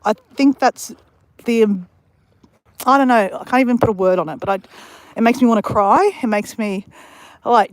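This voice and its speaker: A woman chats on a live stream, drifting from story to story and talking straight to her viewers. Her voice sits a little high. The sound is close and dry, with almost no room echo. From Australia. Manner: rambling, storytelling, addresses her chat viewers directly. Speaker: livestream host. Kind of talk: casual live-stream chat.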